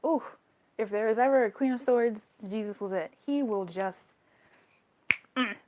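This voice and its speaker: A young woman reading tarot on a live stream, chatting with viewers in an animated way, laughing often and swearing casually. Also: fairly high pitch, moderate pace. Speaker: tarot card reader.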